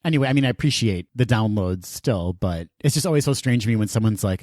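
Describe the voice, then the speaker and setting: A man co-hosting a podcast in casual chat, telling animated, self-mocking stories. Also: fairly low pitch, quick pace, few pauses, no echo, clean studio sound. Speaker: podcast co-host. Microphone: studio podcast mic.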